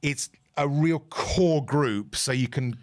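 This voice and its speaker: A man's voice: medium pitch, takes it slowly, dry recording. A man co-hosting a fan channel's live match watch-along, chatting and offering opinionated analysis into a close mic.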